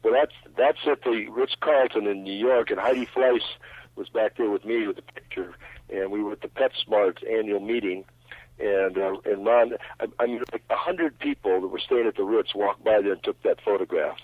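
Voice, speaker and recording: A man's voice: lowish voice, normal speed, dry recording. A man calling in as a radio interview guest, rambling through anecdotes. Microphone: telephone. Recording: tinny dry phone line.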